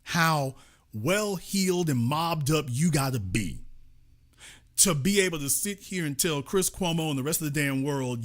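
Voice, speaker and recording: A man hosting a live commentary show, ranting in a sarcastic, mocking, profane way, with fast bursts and slow, drawn-out emphasis. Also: fairly high pitch, lively intonation. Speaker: political commentary host.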